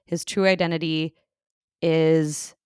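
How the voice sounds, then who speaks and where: Low-voiced woman chatting on a podcast. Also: little pitch movement, takes it slowly, darkish tone, smooth, no echo, clean studio sound. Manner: giggly, rambling, frequent fillers. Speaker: podcast co-host. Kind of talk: casual chat.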